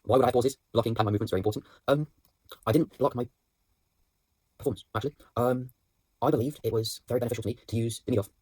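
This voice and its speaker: A young drama student thinks aloud in a fast, rambling voice note, full of fillers and restarts. His voice is husky and a little low, and the sound is dry and close with hardly any room around it. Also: fairly even intonation, a little mellow, no echo. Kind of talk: reflective voice note on acting practice. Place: indoors at home.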